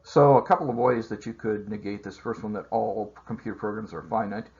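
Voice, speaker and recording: Low husky male math lecturer, muffled. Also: darkish tone. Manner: measured, explanatory, with frequent "uh" fillers. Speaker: math instructor. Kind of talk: recorded lecture over slides.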